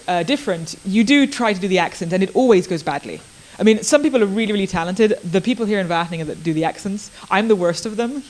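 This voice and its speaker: A woman who does improv comedy, speaking as a panelist at a live seminar. She talks in a mid-range voice. She is thoughtful and hesitant, with many fillers and restarts. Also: mid-range voice. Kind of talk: panel discussion.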